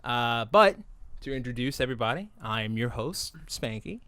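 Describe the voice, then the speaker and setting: A man's voice: mid-range voice, lively intonation, normal speed, sharp tone. A man hosting a podcast in casual chat, nervous and laughing between lines. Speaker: podcast host.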